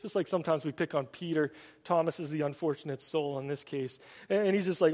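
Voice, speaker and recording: Animated preacher man, echoing hall. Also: on the high side, quick pace, few pauses. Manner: storytelling preacher, animated, frequent repeated "and". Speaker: pastor. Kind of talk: sermon. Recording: long hall reverb.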